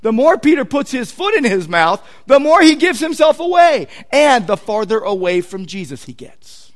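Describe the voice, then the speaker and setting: Man, Southern Californian accent, high voice, animated sermon, conversational. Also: moderate pace. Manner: animated, acts out quotes with sudden loud outbursts; conversational, repeats words while searching for them. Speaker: pastor.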